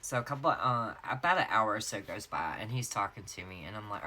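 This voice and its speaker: A woman's voice: extremely low pitch, expressive, pushed and bright. A woman with a Southern US accent telling a long, chatty story in a casual vlog from her home craft office. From North Carolina, USA. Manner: chatty, laughing, drawn-out storytelling asides. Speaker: planner vlogger. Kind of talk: casual storytelling chat while decorating a planner.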